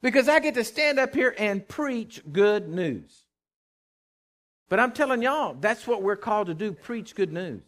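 High-voiced animated preacher man. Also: a little slow. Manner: animated, folksy preaching with rising emphasis. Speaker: pastor. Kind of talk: sermon.

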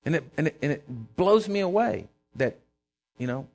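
A man's voice: fairly high pitch, animated, moderate pace, a little mellow, faint music behind. A middle-aged man preaching a sermon as pastor, folksy, earnest and emphatic, telling stories to his church.

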